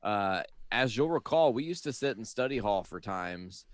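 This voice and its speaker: A man co-hosting a podcast, telling a story in casual chat and getting loud and excited when he is worked up. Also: fairly low pitch, moderate pace, no room sound, clean studio sound. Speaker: podcast co-host.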